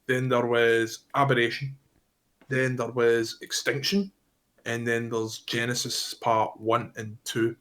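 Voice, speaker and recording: A man with a Scottish accent co-hosting a podcast, telling slangy anecdotes in an easygoing, deadpan way. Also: mid-range voice, takes it slowly. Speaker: podcast co-host. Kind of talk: casual chat, storytelling.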